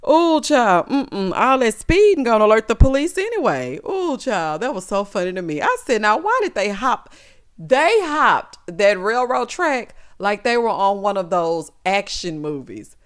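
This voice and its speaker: A woman's voice: mid-range voice, big pitch swings, measured pace, few pauses, clear, resonant tone. A woman giving a casual, sassy recap of a reality show, talking straight to her viewers.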